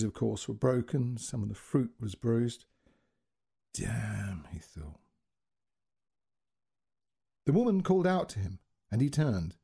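A man narrating a short story as storyteller, in an expressive, dramatic reading that moves between hushed and raised passages. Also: medium pitch, vocal fry, slightly rough.

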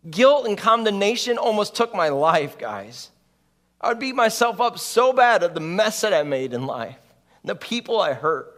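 A man's voice: high-pitched, very animated, normal speed, a bit bright. A male pastor preaching a sermon in an earnest, conversational way, often laughing at his own stories.

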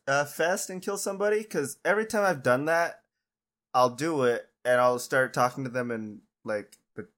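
Young male podcast co-host, easygoing voice of average pitch, quick to laugh and agree. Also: a bit bright. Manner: laid-back, laughs along, short agreements. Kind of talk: casual chat.

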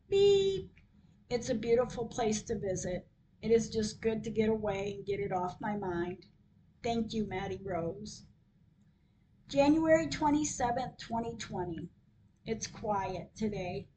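A woman hosting her own podcast, reading her diary entries aloud in a slow, measured way. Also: fairly high pitch, darkish tone, slight background noise, rough recording. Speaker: podcast host.

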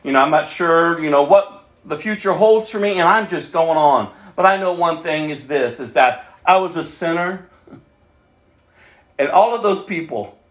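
A man preaching a sermon, moving from loud calls to hushed, near-whispered asides. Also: a little high, moderate pace, reverberant.

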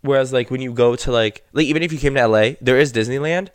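A man's voice: mid-range voice, quick pace, smooth, no room sound. Rambling, teasing man co-host, dry sound. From Florida. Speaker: podcast co-host. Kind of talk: casual chat.

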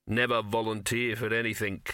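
A man's voice: lowish voice, level tone, a little fast, sharp tone, smooth, no echo, studio quality. A man reading aloud and voicing a grudging, streetwise male talking dog in an audiobook.

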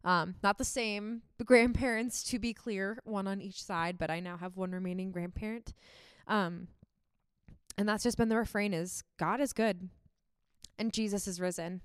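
A young woman speaks on a faith podcast, earnest and close to tears at times, filling her sentences with "um" and "like". Her voice is smooth and clean. The recording is dry, with no room sound. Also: medium pitch, steady tone, moderate pace, no echo. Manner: heartfelt, emotional, many fillers like "um" and "like". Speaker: podcast co-host.

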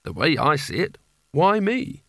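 A man's voice: on the high side, huge pitch swings, a little slow, sharp tone, no room sound, studio quality, heavily acted. A man voicing a nervous, cowardly male wizard who talks in a defensive, whiny way.

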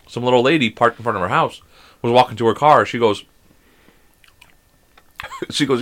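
A man in his thirties tells stories on a casual podcast. He is animated and curses often. His voice is bright and forceful. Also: mid-range voice, normal speed, pauses often. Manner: animated storytelling, swears a lot. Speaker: podcast host.

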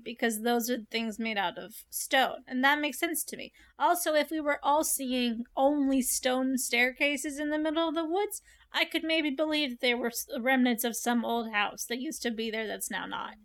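A young woman hosting a casual chat, reading a story aloud and reacting with animated, curious asides. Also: high-pitched.

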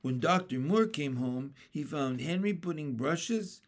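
A man reading a children's chapter book aloud as narrator. His delivery is steady and plain, at a very slow, deliberate pace, with a voice a little higher than most men's. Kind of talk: storybook reading.

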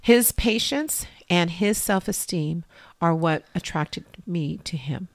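A woman's voice: fairly low pitch, expressive, slow pace, gravelly, dry recording. A middle-aged woman, a mother and interview guest, telling rambling personal stories and acting out what others said. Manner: rambling, acts out quoted people in changed voices. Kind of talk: candid personal storytelling.

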